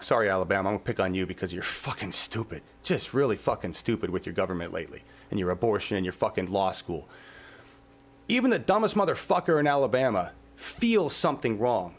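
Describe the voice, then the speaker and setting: Outdoors in his yard, a man who hosts his own channel launches into an impassioned, profane rant, veering between grief and shouting. His voice is mid-range.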